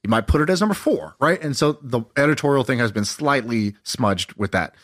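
A man in his thirties co-hosting a podcast, telling stories in an animated way and acting out quotes. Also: medium pitch, brisk. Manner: animated storyteller, laughs often, acts out quotes. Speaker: podcast co-host. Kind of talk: casual chat.

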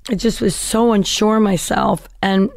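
A woman guest tells her life story in a casual interview. She is animated and slips into other people's voices as she goes. Her pitch is middling, and the recording is dry and close. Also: normal speed, gravelly, no room sound. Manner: animated, acts out quoted voices.

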